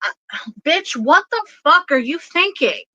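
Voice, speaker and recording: A woman voicing a brash, loud female spirit relative who curses and scolds in exasperation. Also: lowish voice, animated, a little fast, dry recording, voice pushed down, low-quality recording. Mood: scolding. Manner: cursing, exasperated yelling.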